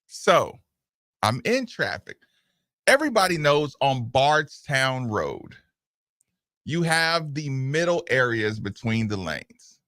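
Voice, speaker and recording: Brief: male radio host, animated rambling storyteller, bright forceful tone, dry studio sound. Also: mid-range voice, no echo. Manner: animated, digressive, breaks into voices of others. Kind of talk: casual talk-show storytelling.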